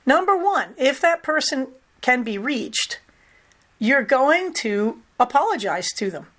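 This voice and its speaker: An older woman talks through her podcast in a frank, conversational way, leaning hard on key words. Her voice sits a little high for a woman. The delivery is casual monologue rather than a script. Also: takes it slowly. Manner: candid, conversational, lively emphasis. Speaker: podcast host.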